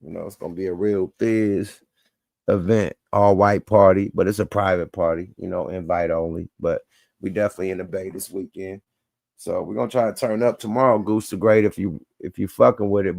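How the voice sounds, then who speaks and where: A man's voice: deep voice, gravelly, a little mellow, no echo, studio quality. A man hosting a casual livestream chat, talking in loose, profane, laughing banter. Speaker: livestream show host.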